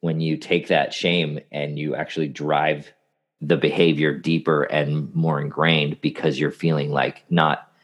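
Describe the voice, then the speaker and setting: A man in casual podcast conversation who tells animated anecdotes and gives advice to clients. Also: very deep voice, a little slow.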